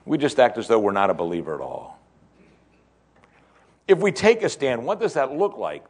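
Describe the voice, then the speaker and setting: A man preaching a sermon to his congregation, asking them questions and building to emphatic, excited peaks. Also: mid-range voice, moderate pace, breathy edge. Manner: asks the congregation direct questions. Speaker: pastor.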